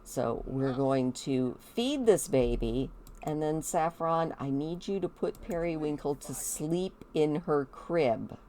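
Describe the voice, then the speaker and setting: A woman's voice: sits low, slow pace, hardly any pauses, slight background noise. Chatty woman narrating her game. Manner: chatty, animated, talks to her characters. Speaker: gameplay commentator. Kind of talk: casual game commentary.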